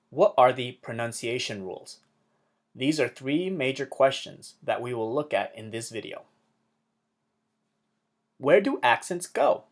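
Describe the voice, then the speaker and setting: Man, language teacher, upbeat explaining, mid-pitched voice. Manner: upbeat, with small jokes. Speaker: Spanish teacher. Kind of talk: explaining a lesson.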